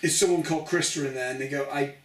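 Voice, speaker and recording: High-voiced man, excitable chat. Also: racing. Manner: excitable, acts out characters' lines. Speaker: video game reviewer. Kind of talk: casual chat. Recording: roomy, distant from the mic.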